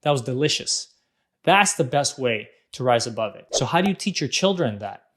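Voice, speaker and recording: A man's voice: medium pitch, big pitch swings, brisk, a bit bright, breathy edge. A man in his thirties hosting a parenting talk, speaking casually and animatedly, acting out quotes as he explains. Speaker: parenting vlog host. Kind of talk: casual advice monologue.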